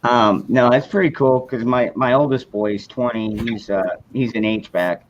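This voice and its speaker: A man's voice: medium pitch, normal speed, slight background noise. A man in his forties hosting a podcast, talking in a blunt, profane, rambling way. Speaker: podcast host. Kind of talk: casual chat. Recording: dull lo-fi sound.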